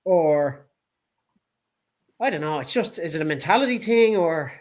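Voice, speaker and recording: A man's voice: fairly high pitch, expressive, measured pace. A man with a Dublin accent co-hosting a casual sports chat, blunt, heated and full of swearing. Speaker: podcast co-host.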